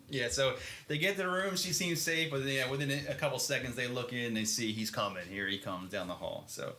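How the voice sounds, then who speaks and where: A man's voice: medium pitch, moderate pace, pushed and bright, slight background noise. A man co-hosting a podcast, recapping a book in loose, rambling casual chat, swearing and laughing often. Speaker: podcast co-host. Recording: echoey room.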